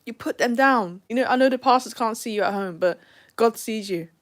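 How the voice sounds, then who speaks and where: A woman's voice: a little high, a little fast. A woman delivering a preachy, scolding monologue about faith and family, repeating herself and restarting phrases often. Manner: repetitive, stammering restarts, scolding. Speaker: online speaker on relationships and faith.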